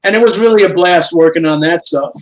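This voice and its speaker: An older man, a guest comic book artist, telling lively anecdotes and acting out the dialogue of people he worked with. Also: on the high side, fairly quick, low-quality recording. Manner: lively storyteller who acts out quoted dialogue. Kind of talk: storytelling anecdotes in a chat show interview. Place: remote video call.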